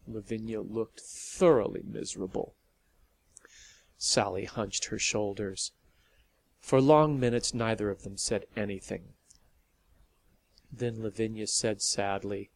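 Slow, measured male story narrator. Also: fairly low pitch, creaky. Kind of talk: storybook reading.

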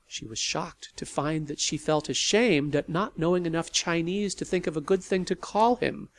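A male audiobook narrator with a voice a bit higher than most men's, telling the story expressively. The recording is dry and close, with no room around it. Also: moderate pace, hardly any pauses, dry recording. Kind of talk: scripted narration.

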